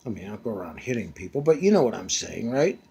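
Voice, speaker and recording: Husky blunt man in his fifties. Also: on the low side, sing-song, fast talker, mellow. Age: 50s. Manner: blunt, profane, rambling. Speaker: vlogger. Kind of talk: casual ranting monologue. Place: back bedroom at home.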